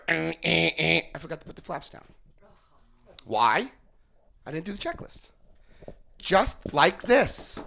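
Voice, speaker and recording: A man's voice: on the high side, gravelly, a bit bright. A middle-aged man speaking to a recovery group, telling stories with quoted voices and asking the room questions. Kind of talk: informal group talk.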